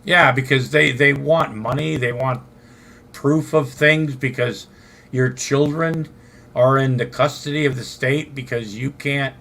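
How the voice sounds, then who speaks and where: Older guy from socal, gravelly and slow, swearing and rambling at his chat. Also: medium pitch, fairly even intonation, pushed and bright, a little hiss or hum. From Southern California. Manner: profane, rambling, talks back to chat. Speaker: livestream host. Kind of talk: late-night livestream commentary.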